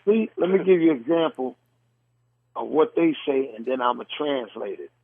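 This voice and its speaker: A man's voice: mid-range voice, lively intonation, moderate pace, slightly rough, phone-quality sound. A man from New York City with a New York accent, hosting a casual podcast chat and bluntly comparing how people talk. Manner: blunt storyteller, mimics dialects. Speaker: podcast host.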